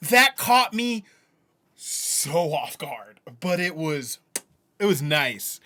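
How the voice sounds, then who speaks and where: Reaction host, male, excitable and profane, bright lively voice, unhurried delivery. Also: high-pitched, slight background noise. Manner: excitable, swears a lot, laughs often; trails off and restarts when reflective. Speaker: music reaction video host. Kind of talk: casual music reaction commentary.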